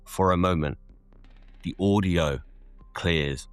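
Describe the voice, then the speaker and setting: A man tells a scripted horror story in a very deep, clear, resonant voice. He goes slowly and deliberately, measuring every line, with faint music in the background.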